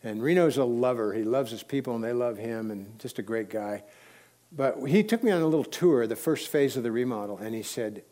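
A man preaching a sermon in a relaxed storytelling way, with sudden emphatic rises. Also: mid-range voice, a little fast.

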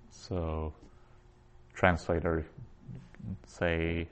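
Deep-voiced man teaching Hebrew grammar. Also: animated. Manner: patient, explanatory, reads Hebrew phrases aloud slowly. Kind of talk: recorded grammar lesson.

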